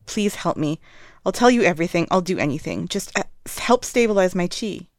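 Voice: mid-range voice, expressive, a little fast, no room sound, clean studio sound, natural voice. A reader voicing a desperate young man, pleading breathlessly for help in a storybook reading.

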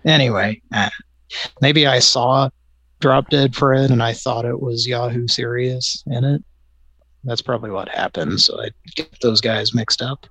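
A man hosting a casual comedy talk show, laid-back and rambling in a deadpan way. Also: medium pitch, a little slow, breathy edge, no room sound, rough recording. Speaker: podcast host.

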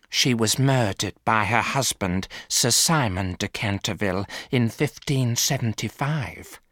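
Guy voicing a spooky old housekeeper lady, slow and hushed, lively pitch. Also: dry recording, clean studio sound. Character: old woman housekeeper, quiet and ominous.

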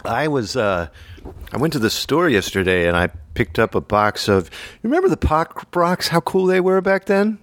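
A man's voice: mid-range voice, sing-song, normal speed, a bit bright, voice pushed up. A man playing a rambling, overexcited amateur podcaster in a comedy sketch. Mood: eager. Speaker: podcast co-host in a parody sketch.

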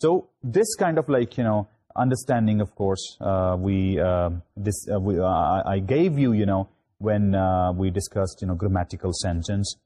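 Pakistani-accented male university lecturer, mellow and warm tone, recapping grammar in a halting way full of restarts. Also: deep voice. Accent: Pakistani English. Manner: halting, many fillers and restarts.

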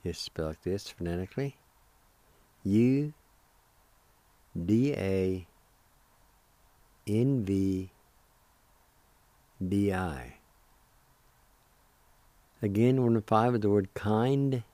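Slow, deliberate man teaching words. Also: fairly low pitch, mellow, dry recording. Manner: spells letters one by one and repeats syllables deliberately. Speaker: radio host teaching Cherokee words. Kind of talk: slow, careful language lesson.

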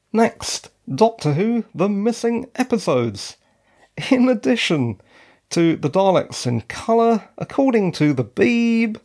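A man's voice: on the high side, gravelly, dark tone. A man from the UK hosting his own podcast, talking casually with wry asides, his voice cracking slightly. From United Kingdom. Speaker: podcast host. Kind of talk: casual solo podcast talk.

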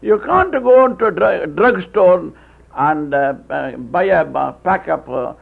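A man preaching a sermon, with halting restarts, telling stories and acting out voices. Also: high-pitched, expressive. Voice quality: gravelly, husky. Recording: tinny phone-like old tape.

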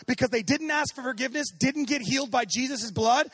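A man preaching a sermon as pastor, animated, swinging from shouting to hushed tones and acting out quoted voices. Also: very high-pitched, brisk, few pauses, slightly rough, no echo.

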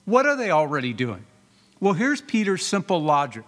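A man with a high voice preaches a sermon to his congregation, stressing key words and asking rhetorical questions. His voice rings with a long reverb, as if it fills a large church hall. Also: wildly swooping pitch, normal speed, fairly bright tone. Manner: rhetorical questions, emphatic repetition, reads scripture aloud. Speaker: pastor.

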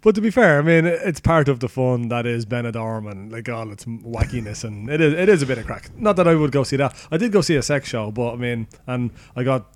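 A man's voice: medium pitch, expressive, brisk, hardly any pauses, no room sound. Irish male co-host, loose and jokey, laughs a lot, dry close sound. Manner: jokey, rambling, laughs often. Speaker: podcast co-host. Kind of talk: casual banter.

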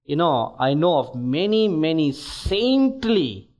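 A male preacher giving an emphatic, deliberate sermon in a church, building to exhortations. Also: fairly high pitch, sing-song, a little mellow.

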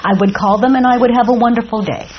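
A woman leading a guided self-inquiry dialogue, speaking calmly and deliberately, posing questions. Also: fairly high pitch. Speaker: workshop facilitator. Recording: dull lo-fi sound with faint noise.

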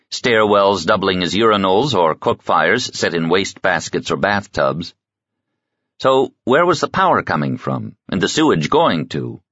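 A man with a very deep voice reads a novel aloud, his pitch rising and falling in lively storytelling. The recording is close and dry, with a slightly dull, muffled tone. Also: no room sound. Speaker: audiobook narrator. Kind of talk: scripted audiobook narration.

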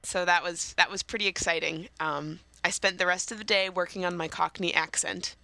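A young woman co-hosting a casual chat show, talkative and quick to laugh, often restarting her sentences. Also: on the low side, steady tone, vocal fry, bright, forceful tone, no room sound. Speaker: co-host.

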